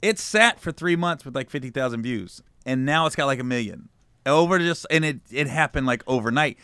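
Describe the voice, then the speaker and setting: Animated man telling comedy stories. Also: medium pitch, fairly quick, clear, resonant tone, dry recording. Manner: animated storyteller acting out quotes. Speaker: comedian guest. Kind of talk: casual interview storytelling. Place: studio.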